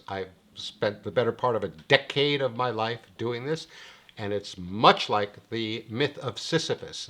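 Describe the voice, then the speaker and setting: A middle-aged man teaching horse betting in a wry, lecturing way, his pitch swinging up when he gets excited. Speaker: handicapping teacher. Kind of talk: screen-share explainer monologue.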